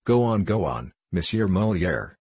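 A man's voice: low voice, sing-song, unhurried, a little mellow, breathy edge, no room sound, heavily acted. D'Artagnan, a man reading as a bantering musketeer captain. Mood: teasing. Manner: bantering, commanding.

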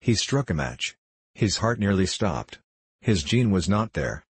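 A man narrating a storybook in a steady, solemn reading manner. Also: low-pitched, unhurried, breathy edge, no room sound.

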